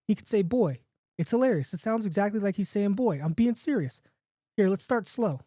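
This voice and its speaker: A man voicing an excitable rough man who insists his wolf can talk, loud and pushy. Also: sits high, brisk, no room sound, studio quality, pitched above the performer's own voice. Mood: excited.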